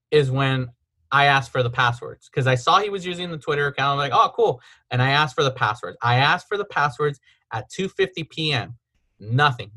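Casting: male podcast host, mid-pitch, aggrieved casual storyteller, lots of "like". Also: fairly bright tone. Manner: aggrieved, retelling texts with filler "like".

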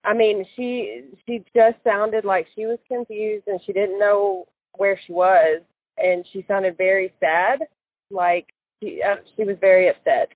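Woman interviewee, halting and filler-heavy, thin phone-line sound, dry. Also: mid-range voice, steady tone, no echo. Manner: hesitant, many fillers and restarts. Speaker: interviewee recalling events. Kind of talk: casual recorded interview.

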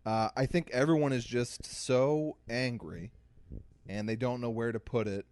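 A man's voice: medium pitch, measured pace, a little mellow, clean tone, no echo. A man co-hosting a podcast, telling stories in an exasperated, casual way. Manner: storytelling, exasperated. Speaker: podcast co-host. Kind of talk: casual chat.

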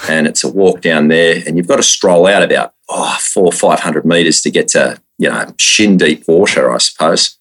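An Australian man telling a casual story as an interview guest, lively and full of quick restarts. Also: a bass voice, breathy edge. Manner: lively yarn-spinner, frequent restarts.

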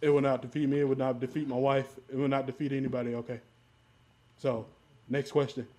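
A man's voice: mid-range voice, flat delivery, fast talker, mellow, close to an everyday voice. A man doing a comedic impression of a blustering, boastful older male president, repeating himself insistently. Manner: repetitive, insistent, bragging. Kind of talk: comedic impression in casual chat.

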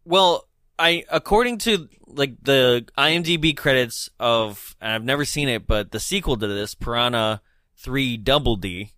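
A man's voice: mid-range voice, expressive, unhurried, bright, forceful tone, no room sound, clean studio sound. A man co-hosting a podcast, chatting casually in a rambling, hesitant way with lots of fillers. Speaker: podcast co-host. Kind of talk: casual chat.

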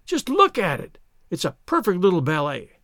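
An eager young man gushes and frets in a high, springy voice, put on by a male storyteller. It is recorded close and dry. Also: normal speed, no room sound, full character voice. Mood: gushing. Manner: gushing, excitable. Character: eager, flustered young man fond of sweets.

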